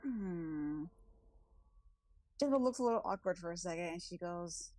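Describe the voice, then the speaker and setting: A woman's voice: lowish voice, expressive, normal speed, darkish tone, dry recording. A woman playing a tabletop role-playing game, casually narrating what her character does. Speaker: player.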